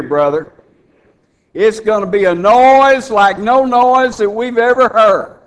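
A man preaching a radio sermon in a folksy, emphatic way, rising to loud fervent peaks. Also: high-pitched, clear, resonant tone.

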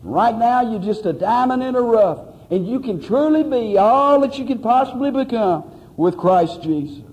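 Pleading preacher with a high voice. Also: male voice, animated, normal speed, darkish tone, in a large hall, lo-fi sound. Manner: pleading, emphatic preaching with repeated phrases. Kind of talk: sermon.

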